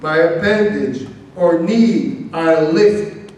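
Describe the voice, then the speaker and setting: Slow man reading poetry in echoey church. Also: a little high, darkish tone. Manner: slow, measured delivery with long pauses. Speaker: poet reading at an event. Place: large church used as a reading venue. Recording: very echoey church hall, mic far off.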